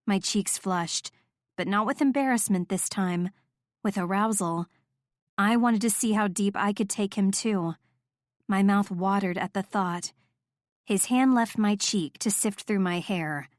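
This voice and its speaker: A woman reading a first-person romance audiobook in a soft, intimate, measured voice. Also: mid-range voice, no room sound, studio quality. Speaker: audiobook narrator.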